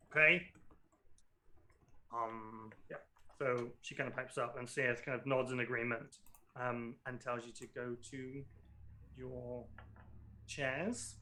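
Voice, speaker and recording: A man's voice: mid-range voice, fairly even intonation, unhurried, pauses often, bright, forceful tone. A man narrating as game master in a casual way, with frequent ums and likes.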